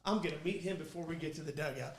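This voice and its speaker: A man, co-hosting a podcast and telling rambling, animated stories. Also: a little high, racing. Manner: rambling, animated storyteller with restarts. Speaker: podcast co-host. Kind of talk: casual storytelling chat.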